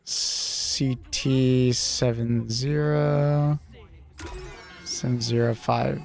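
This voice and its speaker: A man's voice: medium pitch, steady tone, extremely slow, gravelly, darkish tone, faint music behind. A young man streaming a game in casual chat, laid-back, swearing freely and chuckling often.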